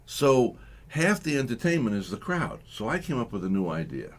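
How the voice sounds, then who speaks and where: A man's voice: medium pitch, normal speed. A man hosting a live comedy talk radio show, joking and acting out little scenes. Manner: animated, jokey, acts out voices, laughs often. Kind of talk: comic radio banter.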